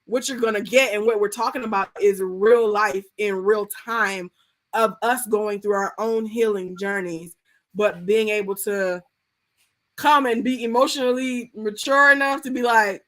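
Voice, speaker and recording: A woman pastor talking on a livestream through a video call. She speaks in casual slang with a lot of energy. When she prays, her voice swings between loud, high bursts and quiet, low stretches. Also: a little slow. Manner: animated, slangy, preacherly. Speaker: art therapy pastor hosting a livestream. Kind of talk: casual livestream chat and prayer.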